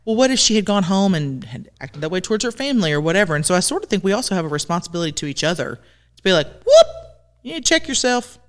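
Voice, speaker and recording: A woman co-hosting a casual podcast chat, telling animated stories and acting out what people said. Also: lowish voice, very fast, long reverb tail. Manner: lively, animated storytelling with acted-out quotes. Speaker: podcast co-host.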